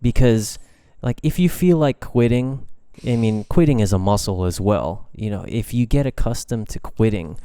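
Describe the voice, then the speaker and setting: A man's voice: fairly low pitch, normal speed, hardly any pauses, dark tone, smooth, no echo, studio quality. A young man co-hosting a podcast, talking in a rambling, hesitant way with lots of fillers. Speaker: band member, podcast co-host. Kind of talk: casual chat.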